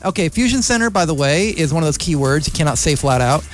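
A man co-hosting a casual political talk show, reading an article aloud and adding animated asides. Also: a little high, fast, soft background music. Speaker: podcast co-host.

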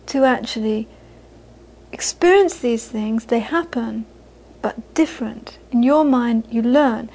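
A woman's voice: on the high side, moderate pace, creaky, darkish tone, low-quality recording. A woman Buddhist teacher giving an informal, conversational dharma talk to an audience, repeating phrases for emphasis and often laughing.

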